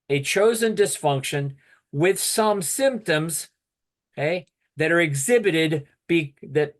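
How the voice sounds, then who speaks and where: Man leading an online workshop on a video call; unhurried, a touch high-pitched, steady, fills with "okay". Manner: steady, peppers speech with "okay". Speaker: workshop facilitator.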